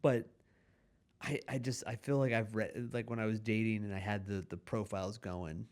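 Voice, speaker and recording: Halting, rambling male podcast host. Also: on the low side, steady tone. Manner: halting, full of restarts and laughs. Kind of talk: rambling comedic monologue.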